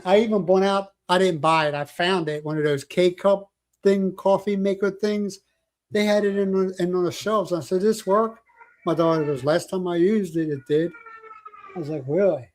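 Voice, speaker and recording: A man's voice: sits high, darkish tone. An older man hosting a casual livestream chat, telling rambling stories and joking with viewers. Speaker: livestream host.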